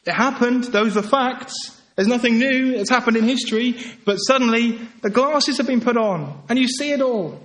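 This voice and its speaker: Preaching a sermon in a very high-pitched voice at normal speed, a man sounds earnest and pleading. He swings from emphatic peaks down to quiet, soft passages.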